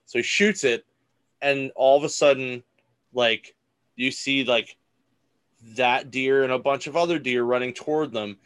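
A man co-hosting a comics podcast, casually retelling a story in a relaxed, rambling way. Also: medium pitch, unhurried, pauses often, smooth, no room sound. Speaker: podcast co-host. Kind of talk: casual chat.

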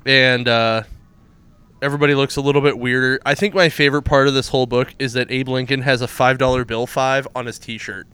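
A man's voice: medium pitch, flat delivery, brisk, bright, forceful tone, clear, resonant tone, dry recording. A man co-hosting a casual comic book chat, rambling through plot retellings and laughing at his own jokes. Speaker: podcast co-host reviewing comics.

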